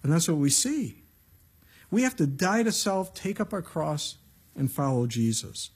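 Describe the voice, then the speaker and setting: A middle-aged male pastor preaching a sermon in a conversational way, acting out quotes with lively voices. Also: on the high side, unhurried, slightly rough.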